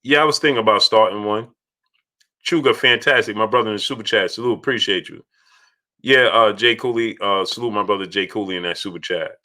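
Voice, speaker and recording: A low-voiced man runs a casual livestream chat, calling out names from the chat. His voice is bright and forceful and sits low. He repeats phrases as he goes. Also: a little fast. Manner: shouts out chat donors, repeats himself. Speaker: livestream host.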